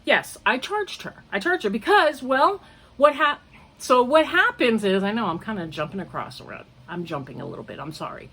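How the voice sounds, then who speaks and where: A woman's voice: fairly high pitch, big pitch swings, normal speed, fairly bright tone, husky. An older woman chatting about her crochet projects and telling a long story. She rambles and jumps between points, often laughing at herself as she talks. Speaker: crochet podcaster. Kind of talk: casual chat.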